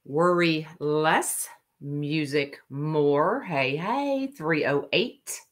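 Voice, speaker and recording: A woman hosting a live stream to sell custom cups, talking casually and slowly with lots of ums. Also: sits low, lively intonation. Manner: slow, drawling, many ums. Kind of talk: casual live sales chat.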